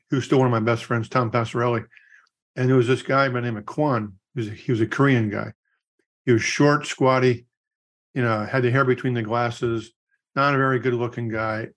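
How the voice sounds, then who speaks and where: Middle-aged male co-host, easy storyteller, mid-pitched voice. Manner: storytelling, animated quotes. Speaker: podcast co-host. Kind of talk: casual chat.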